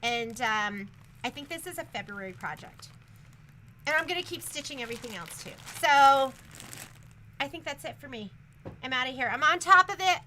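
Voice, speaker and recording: A woman's voice: high voice, animated, normal speed, bright, forceful tone, slight background noise. A woman who teaches sewing, giving a chatty, rambling shop update in an upbeat way.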